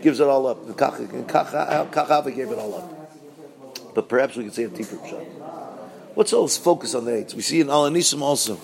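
A man gives a Purim Torah talk, posing rhetorical questions and answering them himself while swinging between loud bursts and quiet asides. He talks fast in a gravelly voice, with crowd noise audible.

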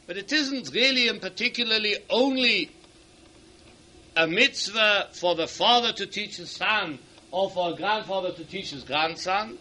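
A man giving a Torah lecture to teachers. He reads Hebrew sources in quick bursts and then explains each one in English. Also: high-pitched, bright, forceful tone. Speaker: rabbi speaking to teachers. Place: hall at an event.

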